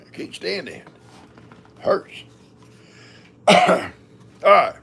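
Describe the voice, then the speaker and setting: A man's voice: sits high, very animated, drawn-out words, vocal fry, bright, forceful tone, breathy edge. An older man, hosting a live stream in a rambling, folksy chat and talking to his cats. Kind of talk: casual chat.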